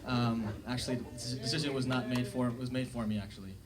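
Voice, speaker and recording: A man's voice: medium pitch, steady tone, quick pace, very noisy. A young man doing a self-deprecating stand-up set on a comedy club stage, talking casually into a handheld mic, recorded live. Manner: conversational, self-deprecating, with fillers and asides. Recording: live club recording with loud audience laughter.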